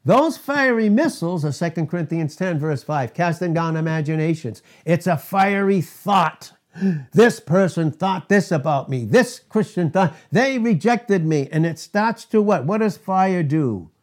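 A man's voice: a little high, expressive, a little slow. A man preaching a sermon, emphatic and firing rhetorical questions at the congregation.

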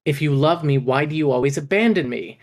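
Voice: mid-range voice, fairly even intonation, fairly quick, natural voice. A podcaster reading aloud the lines of a hurt, angry teenage boy from a novel. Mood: hurt, accusing. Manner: reads aloud from a novel, bitter and accusing.

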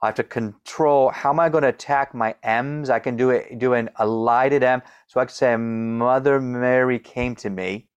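A middle-aged man who stutters, sometimes repeating the first sounds of words, speaks as a guest coach in a conversational interview and explains things with quick demonstrations. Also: medium pitch, steady tone, clean tone.

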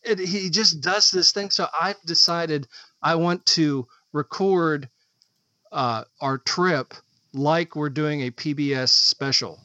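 A man's voice: fairly high pitch, slow pace, sharp tone, no room sound. A man co-hosting a podcast in casual chat, rambling and searching for his words. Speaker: podcast co-host. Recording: dull, dry lo-fi podcast audio.

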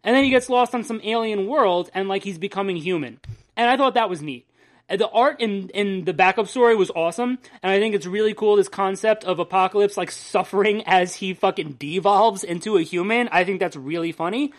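A host in a casual chat, retelling at length in a rambling, profane, animated way. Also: mid-range voice, fairly quick. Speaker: podcast host.

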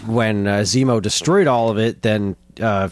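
A man's voice: lowish voice, unhurried. A man in casual chat as a co-host, rambling with many fillers.

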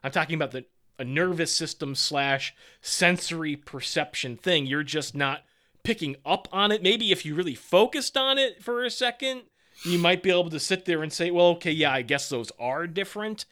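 Male co-host, bright and somewhat high-pitched, playful and teasing. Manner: teasing, quick to laugh. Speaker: podcast co-host. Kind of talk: casual chat.

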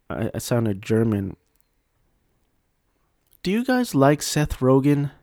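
A man's voice: medium pitch, wildly swooping pitch, slow pace, pauses often, a little mellow, dry recording, clean studio sound. A married man hosting a casual solo podcast, rambling through jokes and self-mocking asides. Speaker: podcast host.

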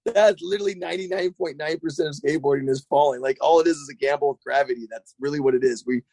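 Fast-talking gravelly man, casual and profane. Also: a little high, no echo. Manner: profane, rambling, animated storyteller. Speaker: skate shop owner. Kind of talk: casual podcast chat.

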